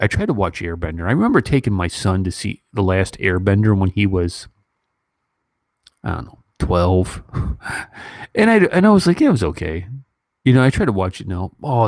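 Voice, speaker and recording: A man's voice: deep voice, no echo. A man in his fifties chatting casually about movies on a livestream, rambling with lots of fillers and restarts, his nose stuffy from crying. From United States. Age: 50s. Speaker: YouTube movie reviewer.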